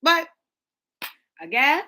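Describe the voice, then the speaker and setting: A woman talks straight to her viewers in a loose, blunt vlog rant. Her voice is bright and forceful, and she repeats phrases to drive her points home. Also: sits high, very slow, low-quality recording. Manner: blunt, animated, repeats lines for emphasis. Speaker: host. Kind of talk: casual opinion vlog.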